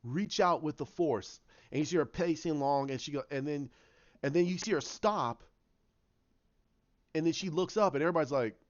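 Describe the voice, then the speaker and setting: A man's voice: fairly high pitch, brisk, long pauses, muffled recording. A man casually talking through a story idea, rambling with lots of restarts and acted-out bits. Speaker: fan commentator.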